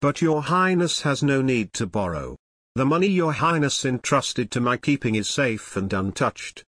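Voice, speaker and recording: A man reading the lines of a shrewd, calm older banker in a measured, courteous way. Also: mid-range voice, husky, no echo, studio quality. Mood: respectful.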